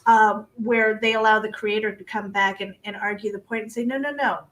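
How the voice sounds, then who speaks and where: A woman on a panel who speaks thoughtfully and haltingly, often restarting her sentences. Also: mid-range voice, fairly even intonation, fairly bright tone, poor audio. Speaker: panel guest. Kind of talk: casual panel chat.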